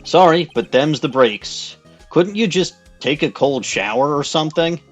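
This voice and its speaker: A man hosting a comedic game playthrough voice-over, sarcastic and deadpan as he reads and comments. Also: on the high side, a little slow, faint music behind. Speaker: host.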